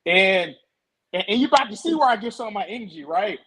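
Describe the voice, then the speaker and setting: Young man, very high voice, animated casual storytelling, stutters and repeats. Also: very fast, slightly rough, low-quality recording.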